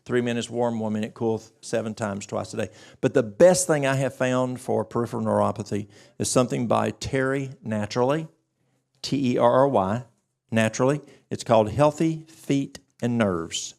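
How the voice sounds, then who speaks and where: A man with a gravelly, slightly rough voice speaks at a church health workshop. He tells his story in an animated way, acting out both sides of a conversation. His pitch sits at an ordinary middle level for a man. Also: moderate pace. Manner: animated storytelling, acts out dialogue.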